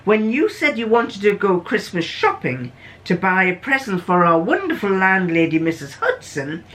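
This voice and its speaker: A woman's voice: mid-range voice, sing-song, normal speed, fairly bright tone, poor audio. A woman with a sore throat from a cold, reading aloud the lines of a clever, condescending male detective. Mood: explaining.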